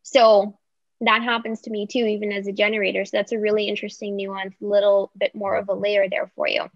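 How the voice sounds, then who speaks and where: A woman speaking as a podcast guest, explaining in an animated way and acting out example voices. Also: medium pitch, a little fast, no echo. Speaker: guest coach. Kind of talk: podcast interview. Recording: slightly muffled, dry sound.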